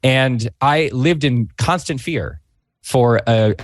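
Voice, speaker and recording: A man's voice: mid-range voice, takes it slowly, no room sound. A middle-aged man, a guest on a talk show, telling stories in a rambling, self-interrupting way. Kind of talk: casual chat, storytelling.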